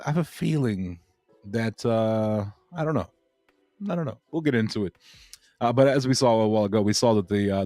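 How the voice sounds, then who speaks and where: A man's voice: medium pitch, dark tone, dry recording. A man hosting a crypto livestream, chatting casually and rambling with lots of fillers and repeated phrases.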